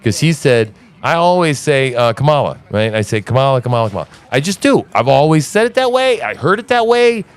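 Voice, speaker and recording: A man's voice: fairly high pitch, sing-song, normal speed, hardly any pauses, clear, resonant tone. A man co-hosting a podcast, telling a story in casual, profane chat, often laughing and mimicking voices. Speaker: podcast co-host.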